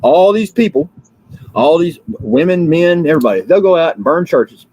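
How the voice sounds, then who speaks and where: A man's voice: on the high side, animated, moderate pace, warm tone, husky, muffled recording. A drowsy man from the United States hosting a livestream, ranting in a fiery, repetitive way with many fillers and restarts. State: drowsy, just woken up. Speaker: livestream host. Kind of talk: rambling political livestream rant.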